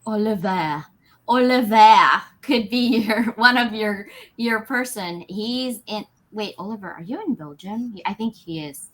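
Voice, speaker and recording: Bubbly, animated woman co-host. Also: medium pitch, unhurried. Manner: bubbly, laughing, animated storytelling. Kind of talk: casual live show chat.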